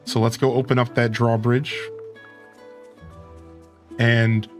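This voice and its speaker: A man's voice: mid-range voice, level tone, slow, faint music behind. A man streaming a video game, chatting casually with his viewers and reading game dialogue aloud. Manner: reads game dialogue aloud, sometimes in a put-on Scottish voice. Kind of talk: casual gameplay commentary.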